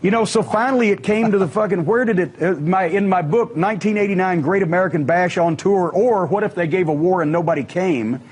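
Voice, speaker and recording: A middle-aged man telling wrestling stories in casual talk, profane and animated, acting out the quotes. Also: high voice, fairly quick, few pauses, husky. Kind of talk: casual storytelling on a podcast.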